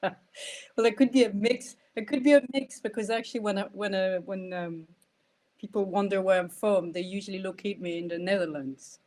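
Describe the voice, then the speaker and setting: A middle-aged woman from France with a French accent touched by an Irish lilt, talking slowly and hesitantly with many fillers in a podcast interview. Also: mid-range voice, darkish tone. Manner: hesitant, searching for words, frequent fillers and laughter. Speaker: guest, nonviolent communication trainer.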